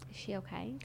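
A young woman co-hosting a podcast, chatting casually with a dry, teasing manner. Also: slight background noise. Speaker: podcast co-host. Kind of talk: casual chat.

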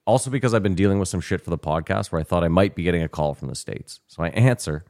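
Podcast host, man, very low voice, animated storyteller, profane, casual chat. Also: fast. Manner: animated storytelling, swearing, laughing often.

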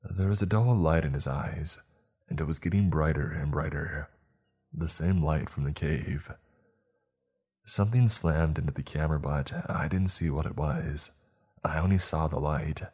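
A male storyteller reading a horror story aloud in a steady, measured delivery. His voice is extremely deep, with a husky, grainy texture. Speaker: narrator. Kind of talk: scripted horror story narration.

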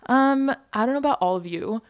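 A woman's voice: on the high side, lively intonation, a little fast. Chatty young woman hosting a podcast. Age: young adult, 22. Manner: chatty, many fillers like "like" and "you know". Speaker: podcast host. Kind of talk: casual solo podcast chat.

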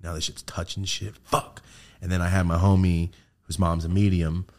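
A man hosting a podcast, telling ghost stories in casual chat, with heavy swearing and animated delivery. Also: low voice, normal speed. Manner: profane, animated storytelling. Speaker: podcast host.

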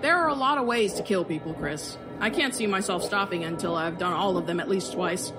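A woman's voice: lowish voice, fairly quick, lightly acted. Actress as breezy sadistic killer, casual and mocking, horror audio drama, music under her. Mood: cool. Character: gleeful cruel female serial killer, young adult.

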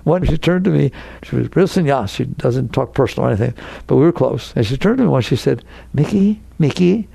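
Gravelly guy giving a spiritual talk, keeps firing questions at the crowd, pitch swings all over. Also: animated, quick pace, warm tone, dry recording. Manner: conversational, full of rhetorical questions; teasing, challenging the listener directly. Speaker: spiritual teacher. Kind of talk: spiritual talk to a live audience.

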